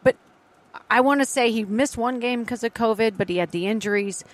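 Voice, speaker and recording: A woman's voice: on the high side, brisk. A woman who was a sportscaster, chatting as a guest on a sports podcast and often laughing at herself. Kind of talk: casual sports talk.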